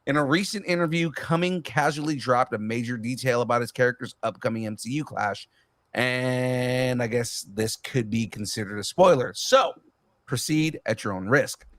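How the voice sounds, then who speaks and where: A man hosting a casual podcast chat and reading news items, animated and laughing, stumbling on fillers. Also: mid-range voice, moderate pace, dry recording. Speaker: podcast host.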